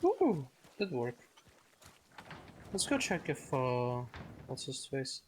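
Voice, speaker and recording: A man in casual gaming chat with a co-player, relaxed and chatty, swearing now and then. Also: medium pitch, slow, slight background noise.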